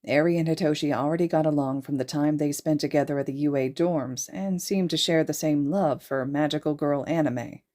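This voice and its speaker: Low-voiced woman reading a story. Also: fairly quick, hardly any pauses. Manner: steady storytelling. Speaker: podfic reader. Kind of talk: fan fiction narration.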